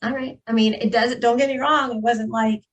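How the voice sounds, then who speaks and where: A woman's voice: fairly high pitch, fairly even intonation, a little fast, rough recording. A woman giving a candid, earnest personal testimony as a guest in an interview, with frequent fillers.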